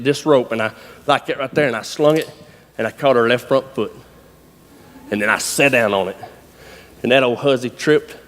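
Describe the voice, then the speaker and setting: High-voiced folksy preacher. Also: male voice. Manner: folksy, animated, laughing, bursts of shouting. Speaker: conference speaker. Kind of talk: lively storytelling sermon. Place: large church hall. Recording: long hall reverb.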